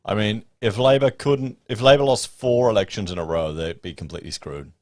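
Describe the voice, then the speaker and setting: This Australian man's voice is fairly low and a little mellow, and he talks briskly while chatting and rambling on a casual livestream for his viewers. His podcast studio mic captures him up close, dry, with no echo.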